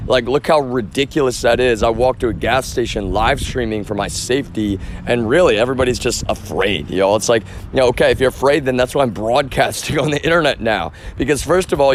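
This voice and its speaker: An agitated man rants into his phone while walking outdoors, his voice sitting at an ordinary middle pitch. He rambles, swears heavily and keeps turning to his viewers. Faint traffic hums behind him on the street. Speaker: livestreamer. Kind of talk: outdoor livestream rant.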